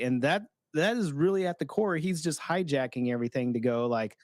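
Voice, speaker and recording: A man's voice: fairly high pitch, brisk, hardly any pauses, darkish tone, no echo. A man on a casual podcast chat, explaining ideas reflectively and voicing an inner critic. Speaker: podcast co-host.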